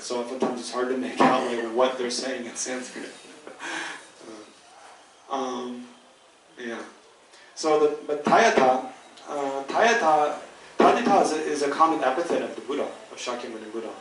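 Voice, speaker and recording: A man's voice: medium pitch, normal speed, a little hiss or hum. A man teaching a Buddhist study class, patiently thinking aloud and restarting his sentences often. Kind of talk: dharma class lecture. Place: teaching hall. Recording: roomy hall, mic at a distance.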